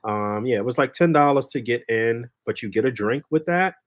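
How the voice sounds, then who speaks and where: A man hosting a podcast, chatting in a relaxed, laid-back way, swearing freely and trailing off with fillers. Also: mid-range voice, moderate pace. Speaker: podcast host. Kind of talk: casual chat.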